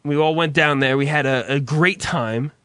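A man's voice: a little high, normal speed, pushed and bright, smooth, no room sound. A young man hosting a podcast in casual chat, swearing and laughing often. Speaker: podcast host.

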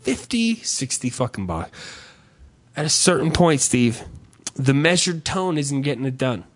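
A man's voice: medium pitch, a little slow. A man ranting comically about everyday annoyances in a casual chat, profane and theatrical. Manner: profane, animated ranting with mock-shouted quotes. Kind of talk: casual comedic rant.

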